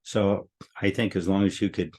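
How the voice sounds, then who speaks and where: An older man with a somewhat low voice tells a story in a loose, rambling chat. He doubles up words as he goes and turns gentle and reassuring when he quotes what he said. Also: little pitch movement, normal speed. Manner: rambling, repeats words, soothing when quoting himself. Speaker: guest teacher.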